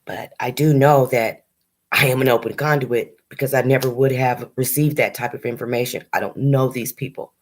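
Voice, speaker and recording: A woman speaking as a spiritual medium in a heartfelt video message, earnest and halting, holding back tears. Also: a bass voice, steady tone. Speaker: spiritual medium addressing viewers.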